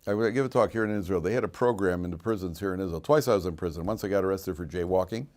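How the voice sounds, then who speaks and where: Animated rabbi telling stories in class. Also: male voice, sits low, rapid-fire. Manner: animated storyteller, acts out voices and laughs at his own jokes. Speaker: rabbi teaching a weekly Torah class. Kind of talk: lively informal Torah lecture. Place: classroom at a Jerusalem yeshiva.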